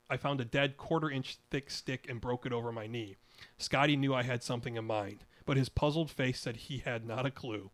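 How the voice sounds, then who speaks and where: An older man in his eighties reading his own memoir story aloud, wry, chuckling now and then. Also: mid-range voice. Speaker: podcast storyteller.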